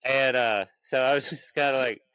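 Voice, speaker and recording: A man telling a story in relaxed chat, animated, often swearing and slipping into the voices of the people in his story. His voice sits in a middle pitch, and the sound is dry and close. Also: normal speed, clear, resonant tone, dry recording. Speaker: comedian guest.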